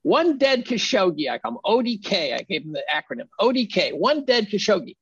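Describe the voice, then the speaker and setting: A man's voice: high-pitched, sing-song, a little fast, breathy edge, no echo, dull audio. A man speaking as a podcast guest in casual conversation, emphatic and argumentative.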